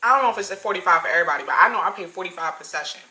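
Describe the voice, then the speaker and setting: Animated young woman telling a story. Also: on the low side, very fast, echoey room, slight background noise, poor audio. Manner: animated, slangy, talks straight to viewers. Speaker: vlogger. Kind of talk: casual storytime vlog.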